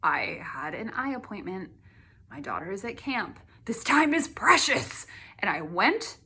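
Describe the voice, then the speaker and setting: Bright, chatty woman artist. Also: mid-range voice, sing-song, measured pace, slightly rough. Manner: chatty with frequent fillers, drops to a soft hush. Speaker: artist and host. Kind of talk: casual talk to camera.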